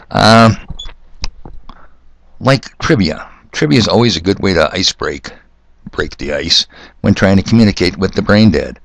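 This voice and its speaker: A man's voice: sits low, gravelly, slight background noise. An older man hosting a solo podcast, talking in a sardonic, ranting way. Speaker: podcast host. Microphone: corded mic.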